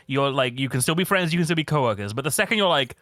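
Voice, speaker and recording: A man's voice: medium pitch, expressive, rapid-fire, fairly bright tone, dry recording, clean studio sound. A young man chatting casually and rambling, swearing and laughing often as he talks. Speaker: streamer. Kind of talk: casual chat.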